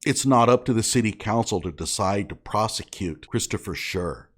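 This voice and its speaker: A man's voice: on the low side, moderate pace. A man delivering an indignant, sarcastic commentary rant, scolding as he talks. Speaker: online commentator.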